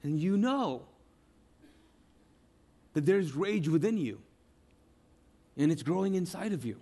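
A man preaching a sermon with passion, repeating phrases and swinging between loud outbursts and hushed, quiet lines. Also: sits high, expressive, slow. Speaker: pastor.

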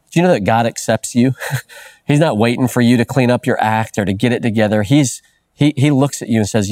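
A man's voice: mid-range voice, moderate pace, darkish tone, no echo, studio quality. A middle-aged man preaching a sermon in an earnest, conversational way, often restarting phrases and adding "man" as a filler. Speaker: pastor.

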